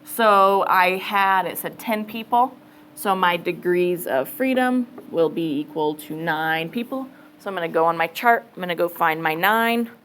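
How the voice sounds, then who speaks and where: A woman's voice: on the low side, measured pace, fairly bright tone, a little hiss or hum, poor audio. A woman math teacher giving a casual classroom lecture, thinking aloud and checking in with students. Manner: casual, chatty, thinks aloud, says okay often.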